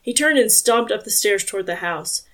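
Woman narrating an audiobook, even-paced. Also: mid-range voice. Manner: even, measured storytelling. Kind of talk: scripted narration.

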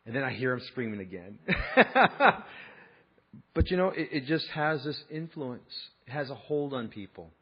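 Husky-voiced pastor preaching a sermon. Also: male voice, medium pitch, sing-song, measured pace, lo-fi sound. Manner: conversational, emphatic, storytelling. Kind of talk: sermon with personal anecdote.

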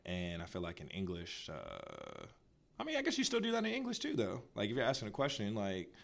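A man's voice: on the low side, huge pitch swings, fairly quick, vocal fry, a bit bright. A young man chatting casually as a podcast co-host, loose and slangy, full of filler words. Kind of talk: casual chat.

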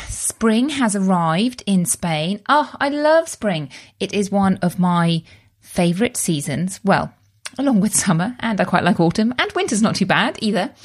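A woman hosting a podcast in a bubbly, upbeat and emphatic way. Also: on the low side. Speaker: podcast host.

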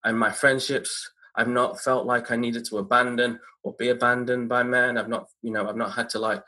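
A man in early adulthood speaks with a bright, forward voice at a middling pitch. He tells his own story in a halting, emotional way, often restarting his sentences. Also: little pitch movement. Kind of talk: personal testimony.

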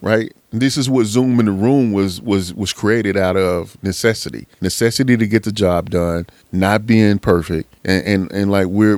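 Man, low voice, casual slangy motivational monologue, dry close sound. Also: darkish tone, no room sound. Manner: preachy, repetitive, slangy, calls listener man. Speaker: motivational speaker.

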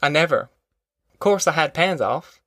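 Touchy teen farm boy, voiced by a male narrator; pitched up, grumbling country dialect, dry close mic. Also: lively intonation, unhurried, fairly bright tone, no room sound. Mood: defensive. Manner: rural dialect, complaining. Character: teenage boy driver, touchy and defensive.

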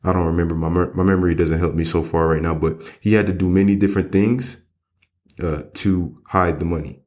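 A man's voice: sits low, fairly even intonation, fairly quick, a little mellow. A man hosting an English-learning podcast, talking in a casual, rambling way with many fillers and restarts. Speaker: English teacher and podcast host. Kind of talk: casual spoken lesson.

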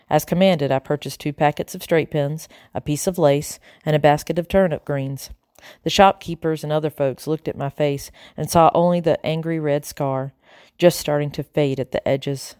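A woman narrating an audiobook in a slow, measured, grave first-person voice. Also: deep voice, a little mellow, no room sound, clean studio sound.

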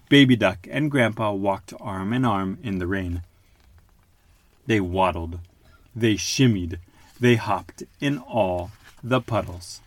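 A man hosting a podcast with his child, reading a picture book aloud in an animated, playful way. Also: lowish voice, a little slow, no echo. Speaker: father and podcast host.

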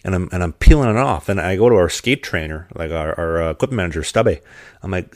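A young man telling stories in a relaxed, rambling way during a casual chat, laughing along with his own tales. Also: low-pitched, fast, dry recording, studio quality. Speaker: podcast host, hockey player.

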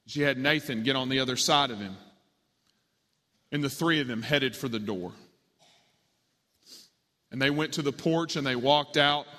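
Bright-voiced man preaching a story. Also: medium pitch. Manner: dramatic storytelling. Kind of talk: sermon storytelling. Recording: long reverb of a large hall.

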